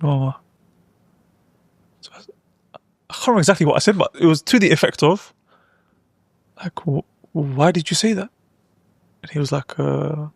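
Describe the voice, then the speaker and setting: A man, telling a family story in a fast, animated way on a podcast. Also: a little high, creaky, no echo, studio quality. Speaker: podcast co-host. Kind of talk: casual chat.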